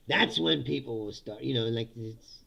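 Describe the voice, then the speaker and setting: A man hosting a casual political rant, sarcastic and laughing often, swearing and mocking his opponents in put-on high voices. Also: unhurried, gravelly, bright, forceful tone. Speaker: political commentary host.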